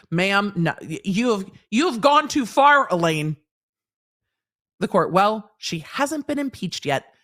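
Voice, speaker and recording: A woman's voice: fairly low pitch, a bit bright. A woman lawyer hosting a stream, reading court transcripts aloud and breaking them down in a blunt, sarcastic, lecturing way with everyday examples and casual swearing. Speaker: lawyer commentator and show host.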